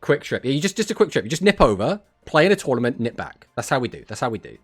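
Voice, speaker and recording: A man's voice: mid-range voice, very animated, fast, husky, faint music behind. A man with an English accent, casting a card tournament on a live stream, chatting and joking as he reads out and answers messages from his chat.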